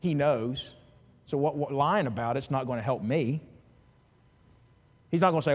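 A man preaching in a church sanctuary, his voice sitting a little high for a man. He swings from loud, animated stretches to hushed ones and drops in chuckling asides. A long reverb trails every phrase. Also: brisk, long pauses. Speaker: pastor. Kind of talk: sermon.

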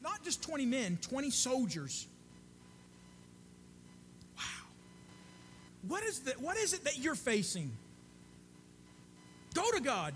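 A man preaching a sermon in an earnest, conversational way, often dropping to a soft hush. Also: very high-pitched, wildly swooping pitch, takes it slowly, long pauses, a little hiss or hum.

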